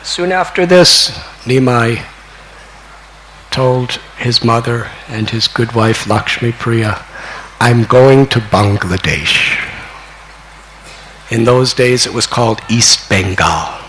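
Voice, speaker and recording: An older man in his sixties gives a devotional storytelling lecture, taking his time over every phrase. His voice sits at an ordinary middle pitch. He now and then rises into bursts of excitement. A faint hiss runs underneath. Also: rough recording. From United States. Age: 60s. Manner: slow, deliberate, rising to excited peaks when retelling. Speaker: spiritual teacher.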